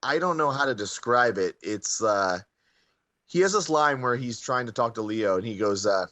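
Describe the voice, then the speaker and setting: A man with a bright, animated voice, landing dry, mock-tough jokes in casual stream banter. He sounds dry and close to the mic. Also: mid-range voice, moderate pace, no echo. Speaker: live stream co-host.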